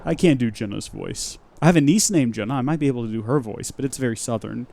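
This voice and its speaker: A man's voice: medium pitch, quick pace, vocal fry, warm tone, a little hiss or hum. A man hosting a live game stream, with goofy, rambling and chatty commentary.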